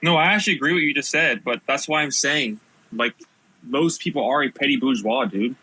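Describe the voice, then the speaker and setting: Bright, raspy man, heated and profane. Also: medium pitch, brisk, no echo, rough recording. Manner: exasperated, profane, mocking. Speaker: host. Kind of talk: heated casual debate.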